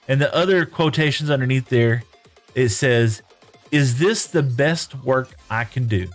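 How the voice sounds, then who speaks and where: A man streaming live from his home room, reading viewer chat aloud and answering in a folksy, rambling way. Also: mid-range voice.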